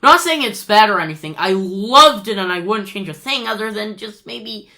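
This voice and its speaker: Bright, gushing woman reviewing a movie. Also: mid-range voice, lively intonation, normal speed. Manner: gushing and rambling, with many fillers and restarts. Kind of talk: casual unscripted movie review.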